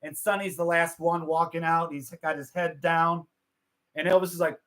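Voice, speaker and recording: A man's voice: fairly high pitch, steady tone, moderate pace, fairly bright tone. A man co-hosting a casual livestream, telling stories with lots of fillers. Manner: chatty storyteller with many fillers. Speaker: livestream co-host. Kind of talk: casual chat.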